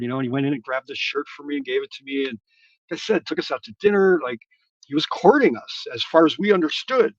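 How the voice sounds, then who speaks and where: A man's voice: fairly high pitch, no room sound, lo-fi sound. A middle-aged man telling loose, rambling stories from his band days in casual chat, swearing freely. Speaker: guest musician. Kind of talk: casual storytelling.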